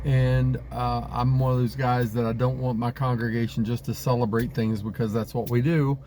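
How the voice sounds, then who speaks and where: A man's voice: medium pitch, level tone, moderate pace, mellow, a little hiss or hum. A man who leads a congregation, teaching a Bible study in a conversational way with frequent fillers and restarts. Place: Pennsylvania.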